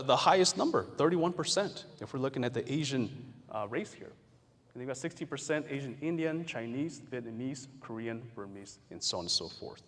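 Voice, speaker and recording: A man giving a lively talk to a live audience, playful and asking the room questions. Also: mid-range voice. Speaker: guest speaker. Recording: long reverb of a large hall.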